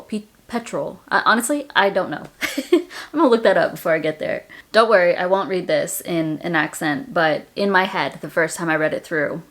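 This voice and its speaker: An American woman hosting a personal finance video, talking in a chatty, friendly way. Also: on the low side. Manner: chatty and friendly, says y'all. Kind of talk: casual direct-to-camera finance talk.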